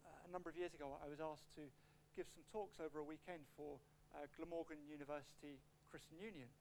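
A man's voice: a little high, fast talker, creaky, a little hiss or hum. A man preaching an expository sermon with a personal story, acting out quotes as he goes. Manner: animated, acts out quotes, shifts pace a lot.

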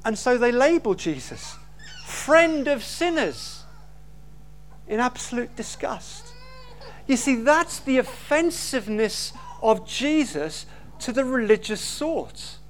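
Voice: medium pitch, big pitch swings, unhurried, slight background noise. A preacher, giving an emphatic sermon full of rhetorical questions.

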